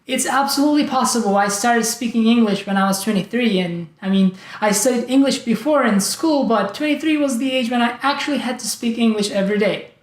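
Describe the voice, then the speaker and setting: A man hosting a language tutorial, speaking in a clear, deliberate way and acting out examples of word stress. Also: very high voice. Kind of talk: scripted tutorial narration. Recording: roomy echo.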